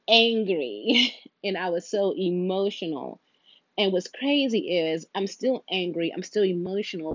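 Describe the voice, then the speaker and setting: Emotional woman venting, low voice. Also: dry recording, dull audio. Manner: heavy, emotional, venting, earnest. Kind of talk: personal monologue.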